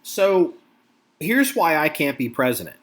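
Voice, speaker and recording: Man, American, middle-aged, podcast host, profane rant, lively swooping pitch. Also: unhurried. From United States. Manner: animated, profane ranting. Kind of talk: casual podcast chat.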